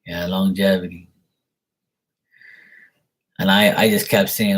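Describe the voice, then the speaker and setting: A man's voice: sits low, little pitch movement, takes it slowly, pauses often, a bit bright, husky. A man chatting casually on a livestream tarot reading, rambling and swearing, repeating his words as he goes. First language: Portuguese spoken at home. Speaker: live tarot reader.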